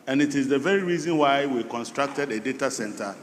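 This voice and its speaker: Measured Ghanaian man debating in parliament. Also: medium pitch, lively intonation, a little hiss or hum. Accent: Ghanaian English. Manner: measured, deliberate. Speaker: member of parliament. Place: large parliament chamber. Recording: reverberant chamber with faint ambience.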